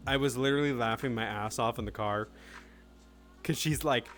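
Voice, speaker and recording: Casual male streamer, mid-range voice, loose and profane, quiet music underneath. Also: medium pitch, normal speed. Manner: chatty, swears freely, reads chat aloud. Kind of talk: casual live-stream chat.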